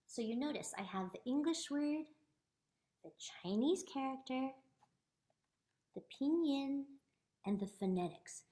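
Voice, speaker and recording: A woman, a children's author, reading her book aloud and teaching words to children in an animated, teacherly way over a video call. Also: high voice, a little slow, pauses often. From United States.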